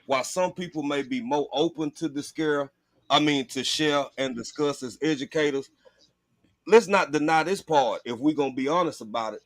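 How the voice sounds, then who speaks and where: A man with a slightly high voice hosts a casual chat, talking bluntly and with plenty of profanity at a moderate pace. The recording is dry and close, with no room sound at all.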